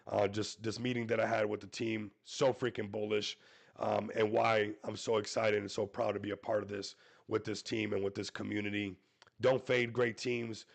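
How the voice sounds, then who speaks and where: A man's voice: on the low side, level tone, normal speed, gravelly. A man hosting a crypto live stream, sick with a stuffy nose, hyping a project in a salesy way. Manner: hyped, salesy, repeats "everybody". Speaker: crypto YouTuber host. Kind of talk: live stream promo talk.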